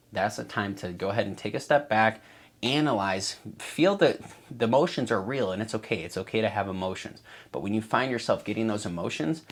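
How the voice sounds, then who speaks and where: A man's voice: on the low side, creaky, a bit bright. A man giving a casual coaching talk to traders, emphatic and repetitive, swearing freely and acting out a trader's inner voice. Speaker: trading coach.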